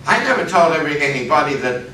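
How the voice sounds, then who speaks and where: A male preacher with an Australian accent tells a personal story in animated sermon style. His voice sits fairly high and sounds bright and forceful. He is picked up from some distance in an echoey conference hall. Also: quick pace, slight background noise. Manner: animated personal storytelling, voice jumps up for quoted exclamations.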